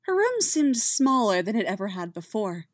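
A woman reading fan fiction aloud as a podfic, with soft, steady storytelling. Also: mid-range voice, moderate pace, dry recording. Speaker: podfic reader.

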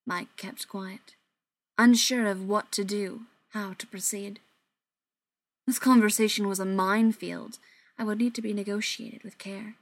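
A woman narrates a dark audiobook in an even, measured reading. Her voice sits at a middle pitch. The studio sound is close and dry. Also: dry recording. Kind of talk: scripted narration.

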